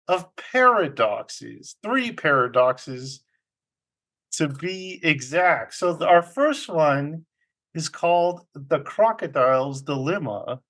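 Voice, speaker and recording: Guy hosting a chat show, slow and sing-songy, kinda high voice, laughs a lot. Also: lively intonation, pushed and bright. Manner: unhurried, lilting storyteller, laughs often. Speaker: podcast host. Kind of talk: casual group chat.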